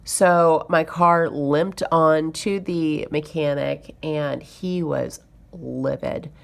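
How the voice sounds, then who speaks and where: A woman's voice: low voice, steady tone, very slow, creaky. A woman chatting to camera as a budgeting vlogger, telling a story in a chatty, exasperated way. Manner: chatty, exasperated retelling with fillers. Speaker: budgeting YouTuber.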